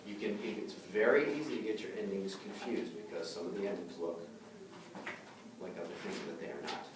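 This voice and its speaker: Echoey teacher in a classroom, heard from afar. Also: male voice, low-pitched, a little fast, far from the mic, noisy background. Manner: explains patiently, often checks in with "okay?". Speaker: Russian language teacher. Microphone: far camera. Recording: very echoey room, recorded from afar.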